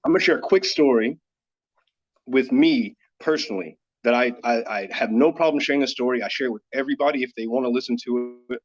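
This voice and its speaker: Fast-talking in a mid-range voice, a Dallas, Texas yoga teacher shares a personal story as a podcast guest. His casual telling is candid and earnest, packed with "like," over dull lo-fi audio.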